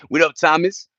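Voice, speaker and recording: A man's voice: a little high, a bit bright, no echo, muffled recording. New York man chatting on a livestream. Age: 40s. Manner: streetwise slang, greeting chat viewers by name. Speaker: livestream host. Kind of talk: casual livestream chat.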